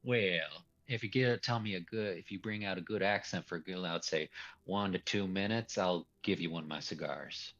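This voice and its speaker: A man's voice: low-pitched, moderate pace, fairly bright tone, dull audio. A man running a tabletop role-play as game master, talking in a loose, rambling way and laughing often.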